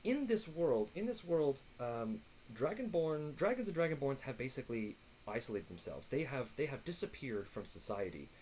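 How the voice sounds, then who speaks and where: A man's voice: medium pitch, very animated, normal speed, few pauses, darkish tone, slight background noise, poor audio. A man running a tabletop game on a livestream, narrating with frequent fillers and restarts. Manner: rambling, lots of fillers and restarts. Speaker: game master.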